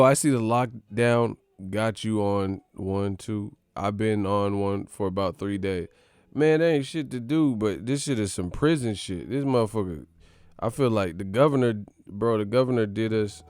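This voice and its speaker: A man hosting a boxing channel, talking casually and excitably at home, profane and quick to laugh. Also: on the low side, clear, resonant tone, no room sound, clean studio sound. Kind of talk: casual commentary.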